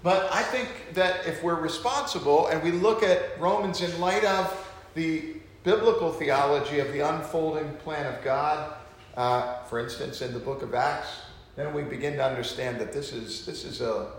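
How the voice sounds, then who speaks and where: A man leading an informal Bible study, talking in an animated way with many restarts and acted-out quotes. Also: a little high. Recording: echoey room with faint noise.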